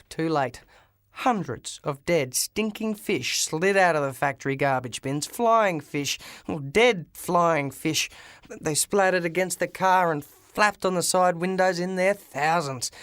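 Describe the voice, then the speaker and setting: A man narrating a first-person audiobook with lively storytelling and shouted dialogue. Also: fairly high pitch, a little slow, clean tone, no echo, studio quality.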